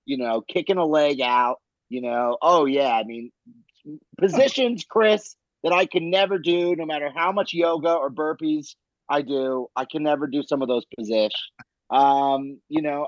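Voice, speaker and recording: A man co-hosting a casual podcast chat, animated and swearing, laughing often. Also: on the high side, dry recording. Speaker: podcast co-host. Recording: dry, dull lo-fi mic.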